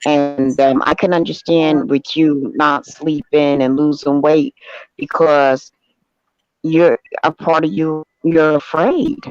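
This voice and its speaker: Calm woman co-host, lo-fi sound. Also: sits low, slow pace, no echo. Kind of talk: casual advice chat. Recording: dull, lo-fi sound.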